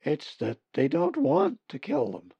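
A man voicing a witty, playful female raven who teases slowly. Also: high voice, wildly swooping pitch, vocal fry, husky, dry recording, dull audio, pitched above the performer's own voice, full character voice. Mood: teasing.

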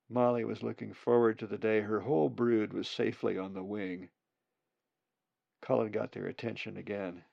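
A man reading a children's story aloud in an expressive, unhurried way. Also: fairly low pitch, gravelly, no echo, lo-fi sound.

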